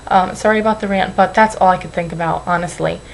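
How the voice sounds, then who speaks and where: A woman's voice: fairly low pitch, fairly even intonation, fast talker, vocal fry, slight background noise, low-quality recording. A young woman vlogging at home into a webcam, rambling and apologizing, anxious and close to tears. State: tearful. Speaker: weight-loss vlogger. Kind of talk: emotional webcam vlog.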